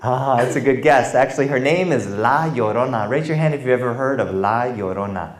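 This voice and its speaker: A man performing a story for children, dramatic and animated, addressing the audience directly, in an echoey room. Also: mid-range voice, fairly quick. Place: performance space with a young audience.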